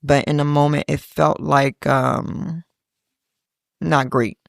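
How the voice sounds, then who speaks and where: A woman's voice: low voice, little pitch movement, slow pace, creaky, no room sound, clean studio sound. A middle-aged woman hosting a podcast, reflectively telling a personal story and quoting her family in little voices. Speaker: podcast host.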